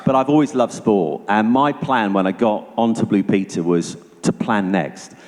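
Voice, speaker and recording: A man giving a personal testimony to an audience as a guest speaker, telling it vividly and going hushed at tense moments. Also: on the low side, moderate pace. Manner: vivid storytelling, dropping to hushed tones for tension. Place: church hall. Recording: long reverb of a church hall.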